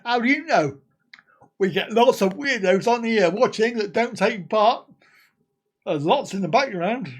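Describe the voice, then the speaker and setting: Chatty man with a lively voice. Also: sits high, unhurried. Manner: chatty, laughs often, answers viewer comments. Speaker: live stream host. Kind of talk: casual live stream chat.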